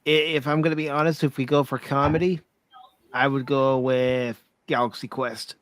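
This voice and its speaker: A man hosting a casual pop culture stream, reading out viewer votes in an easygoing, relaxed way. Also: medium pitch, normal speed, no echo. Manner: easygoing, relaxed, restarts often. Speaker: host of a pop culture livestream.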